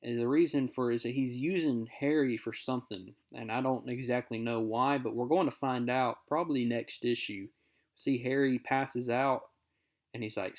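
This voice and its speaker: A young man recaps a comic book issue in a relaxed, upbeat way, reading character quotes aloud along the way. His voice is at an ordinary middle pitch, his pace moderate, and his delivery friendly and conversational.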